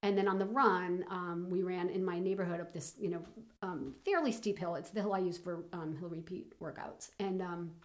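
A middle-aged woman telling a personal story in an interview, halting with many fillers and restarts. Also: fairly low pitch, fairly even intonation. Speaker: guest.

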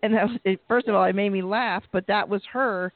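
Male co-host, slightly high, gravelly, halting delivery, dry tinny line. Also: steady tone, dry recording. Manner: halting, many restarts and fillers. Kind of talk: casual TV recap chat. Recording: dry, phone-like audio.

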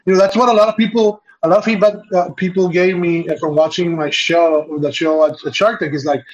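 A man's voice: a little high, steady tone, a little fast, few pauses. A man being interviewed over a video call as an entrepreneur guest, talking casually with many fillers and restarts. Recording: dull lo-fi audio.

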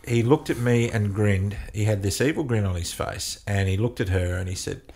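A man, a couples counselor, telling a long story in an interview, often halting and repeating words. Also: lowish voice, steady tone, a little mellow.

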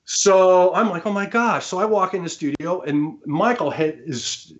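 A man's voice: high-pitched, measured pace. A man guest, a former studio engineer, telling stories animatedly with laughter and frequent restarts. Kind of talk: anecdotal storytelling. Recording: slightly muffled remote audio.

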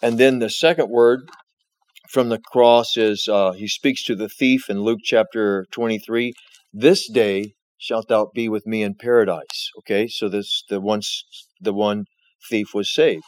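A man preaching a sermon as pastor, reading scripture and explaining it with slow, emphatic rises. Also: on the low side, fairly even intonation, dry recording.

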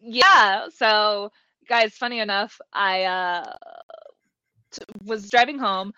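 A woman's voice: medium pitch, slow pace, bright, forceful tone, clear, resonant tone, no room sound, dull audio. A woman on a live show telling a story in a candid, rambling way from a bedroom at home. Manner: candid, rambling, swears lightly. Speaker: regular co-host.

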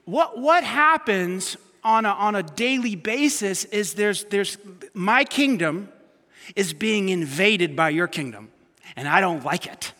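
A man preaching a sermon, telling personal stories with lively swings between quiet asides and loud emphatic bursts. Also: sits high, slow pace. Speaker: pastor. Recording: long hall reverb.

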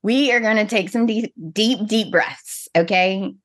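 A woman's voice: mid-range voice, a little slow. A woman co-hosting a podcast, chatting casually and venting dramatically with playful energy. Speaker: podcast co-host. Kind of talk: casual chat.

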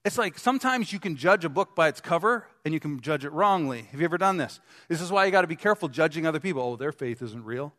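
Man, pastor, conversational sermon, slightly high voice, long hall echo. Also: animated, quick pace, few pauses, sharp tone. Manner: conversational, asks the congregation questions. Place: gym used as a church hall.

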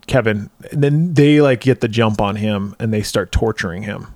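A man's voice: fairly low pitch, moderate pace, darkish tone, no echo. A man co-hosting a casual movie podcast, joking around and laughing often. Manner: joking, laughs often, slips into mock voices. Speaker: podcast co-host.

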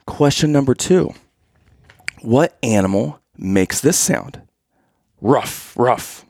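Gravelly-voiced man cracking dad jokes. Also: medium pitch, expressive, takes it slowly, a little mellow, no echo, clean studio sound. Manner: laughs at his own jokes, playful. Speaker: joke-telling husband. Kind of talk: casual dad-joke storytelling.

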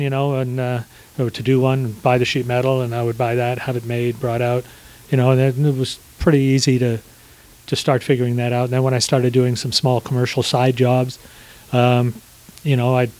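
This podcast guest, a man in his sixties who owns a small business, shares stories in an unhurried, conversational manner at a middle pitch. Relaxed and rambling, he fills gaps with "uh" and "um" and keeps restarting his sentences, and the recording is rough.

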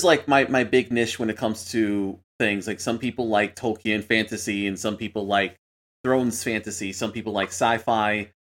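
A man's voice: on the low side, fairly even intonation, normal speed, a bit bright. A man co-hosting a casual gaming chat, musing enthusiastically with lots of fillers. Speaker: podcast co-host.

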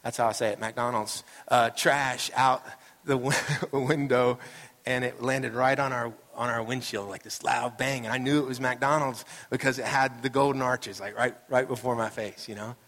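A man's voice: mid-range voice, fairly even intonation, normal speed, a bit bright. Male pastor, casual sermon delivery with acted-out asides; natural mid-range voice, long hall reverb. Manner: casual and storytelling, acting out quoted voices. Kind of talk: conversational sermon. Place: church sanctuary.

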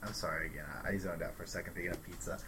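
A man's voice: deep voice, fairly even intonation, very fast, sharp tone. A man playing a tabletop game, talking hesitantly with plenty of stammered restarts. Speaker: player.

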